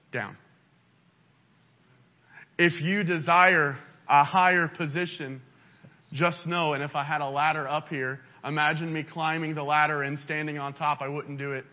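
A male pastor delivering a sermon in a church, with an impassioned delivery that swings up and down in pitch. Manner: impassioned, pitch rising and falling widely. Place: church sanctuary. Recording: dull lo-fi sound.

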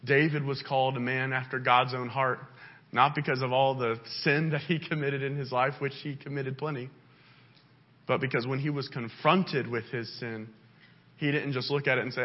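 A male pastor delivering a sermon in a church, with an impassioned delivery that swings up and down in pitch. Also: steady tone, moderate pace. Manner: impassioned, pitch rising and falling widely. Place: church sanctuary. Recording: dull lo-fi sound.

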